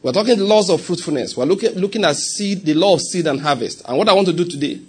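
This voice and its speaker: A man with a Nigerian accent preaching a sermon, animated, with laughing asides and softly acted prayers. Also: high-pitched, quick pace, breathy edge.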